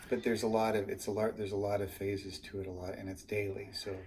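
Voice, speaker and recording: A man explaining a medical plan at home, halting and matter-of-fact with many fillers. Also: on the low side, little pitch movement, darkish tone. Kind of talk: casual explanation. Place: home, indoors. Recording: noisy home recording.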